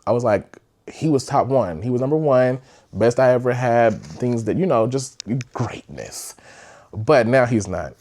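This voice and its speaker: A man's voice: mid-range voice, expressive, unhurried, a little mellow. Young male podcast host, mid-range voice, candid rambling storyteller who swears freely. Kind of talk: casual storytime.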